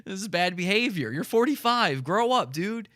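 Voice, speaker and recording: A man's voice: sits high, sing-song, normal speed, bright, forceful tone, no room sound, clean studio sound. A man hosting a podcast, giving mocking, sarcastic commentary on a video and describing it for listeners. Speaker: podcast host.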